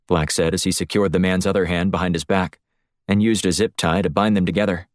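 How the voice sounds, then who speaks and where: A man reading a thriller audiobook in a steady, even storytelling voice, recorded close on a studio mic. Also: low-pitched, a little fast, no room sound. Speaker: audiobook narrator. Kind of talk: scripted narration.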